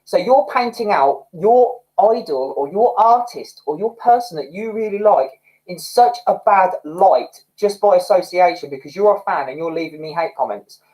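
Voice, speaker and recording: A man's voice: sits high, animated, normal speed, darkish tone, poor audio. A young man chats his way through a livestream. He rambles and talks expressively, his voice rising and falling a great deal as he reads out viewer comments. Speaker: livestream host. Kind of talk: casual livestream chat reading comments.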